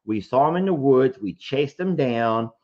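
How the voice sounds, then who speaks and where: A man hosting a casual live show, telling stories in an animated way, often laughing. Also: medium pitch, measured pace. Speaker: host. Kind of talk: casual livestream chat. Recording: dull lo-fi stream audio.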